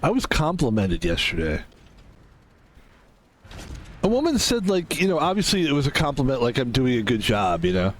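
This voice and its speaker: Animated, rambling male streamer. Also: mid-range voice, moderate pace, pauses often, a little hiss or hum. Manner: rambling, self-mocking, swears freely. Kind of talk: casual chat while gaming on stream.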